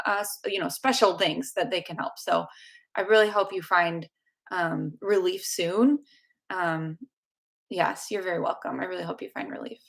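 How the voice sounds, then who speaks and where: A woman's voice: fairly low pitch, creaky, fairly bright tone. A woman chats through a live question-and-answer stream about teeth. Her delivery is bubbly and loose, full of little asides. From United States. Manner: chatty and bubbly, with frequent laughs and fillers. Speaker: dental YouTuber answering viewer questions. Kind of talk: live Q&A chat.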